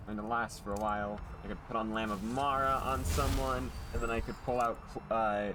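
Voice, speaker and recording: A man streaming live gameplay and commenting in an excitable way, swearing and jumping into loud outbursts. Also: on the low side, moderate pace, noisy background.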